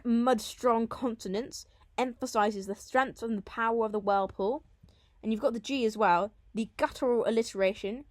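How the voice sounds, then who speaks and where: A woman with a slightly high voice gives a line-by-line lesson on a Latin poem. She explains each device patiently and leans hard on the key words, reading out lines slowly. The sound is dry and close, with no room behind her. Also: a little mellow, no room sound. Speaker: teacher.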